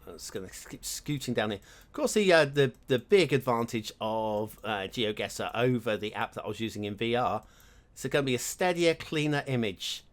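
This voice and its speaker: A man's voice: medium pitch, moderate pace. Guy hosting his gaming channel, rambling along, lots of ups and downs in his voice. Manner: chatty, thinks aloud, animated. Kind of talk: casual gameplay commentary.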